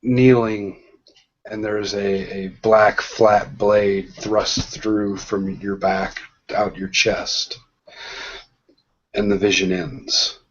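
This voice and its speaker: Slow, low-voiced man narrating a game. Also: flat delivery, fairly bright tone. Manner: slow, hesitant narration with many ums and restarts. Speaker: game master. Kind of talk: narrating a tabletop role-playing game. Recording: dull lo-fi sound.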